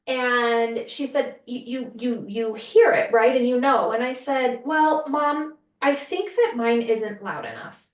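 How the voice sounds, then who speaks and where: A woman with a somewhat high voice tells a story on her own podcast in an earnest, chatty way. She acts out what people said as she goes. The sound is roomy and set back from the microphone. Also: lively intonation, moderate pace, distant mic. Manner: earnest, conversational, acts out quotes. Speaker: podcast host.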